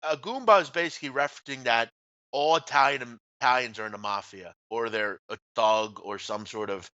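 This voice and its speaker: Bright-voiced blunt trash-talking guy. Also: medium pitch, brisk, dry recording, lo-fi sound. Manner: blunt, trash-talking, drops off at phrase ends. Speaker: co-host. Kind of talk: casual sports radio banter.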